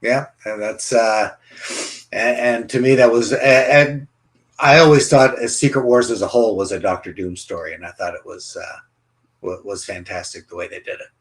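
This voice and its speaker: A man on a casual comics panel, talking in a halting, hesitant way. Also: mid-range voice, flat delivery. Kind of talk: casual chat.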